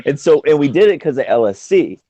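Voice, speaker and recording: A man's voice: on the high side, big pitch swings, quick pace, dark tone. A man in a casual chat, laid-back and joking crudely. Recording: dry, dull lo-fi audio.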